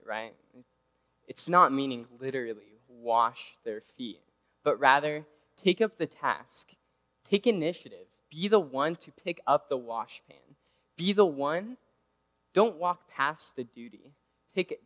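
A man's voice: mid-range voice, sharp tone. A man giving a casual, conversational sermon who keeps checking in with his listeners by asking "right?". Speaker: preacher. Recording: long reverb of a large hall.

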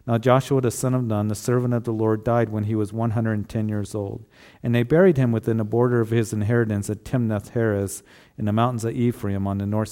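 A man's voice: on the low side, dark tone. A man preaching a sermon as a pastor, earnest and repeating rhetorical questions to the congregation.

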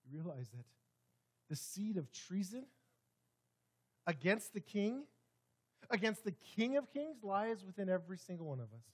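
A man preaching a sermon in a church sanctuary, swinging dramatically between loud, forceful passages and hushed ones. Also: high-pitched, big pitch swings, unhurried, long pauses. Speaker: pastor.

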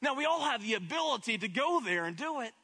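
A man's voice: extremely high pitch, big pitch swings, fast talker, gravelly, pushed and bright, breathy edge. A man preaching a sermon as pastor, impassioned, often repeating words as he builds up.

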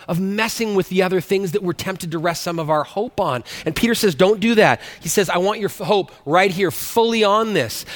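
High-pitched guy preaching, talks like he's chatting w the congregation, big echoey church hall. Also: a bit bright. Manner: conversational preaching with frequent restarts and questions to the congregation. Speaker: pastor. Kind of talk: sermon. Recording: long hall reverb.

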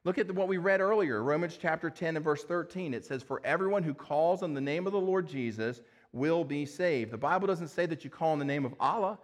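A man preaching a sermon in a fairly high voice. He reads scripture verses, asks the listeners rhetorical questions and addresses them as friends. His delivery is earnest throughout. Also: brisk, few pauses. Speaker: pastor.

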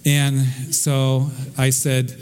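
A man's voice: mid-range voice, completely flat delivery, extremely slow, slight background noise. A middle-aged American man, a pastor, teaching verse by verse through the Bible in a conversational way, telling stories and often restarting his sentences. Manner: conversational, warm storytelling with frequent restarts.

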